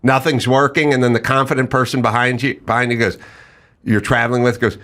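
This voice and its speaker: A man's voice: mid-range voice, quick pace. A middle-aged man hosting a podcast, telling stories in a casual chat and acting out what other people said. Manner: animated storyteller acting out other people's lines. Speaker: podcast host.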